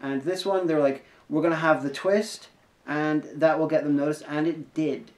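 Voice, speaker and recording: A woman co-host with a hard-to-place English accent, explaining things in a measured, lecturing way. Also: deep voice, steady tone, echoey room. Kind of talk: casual chat.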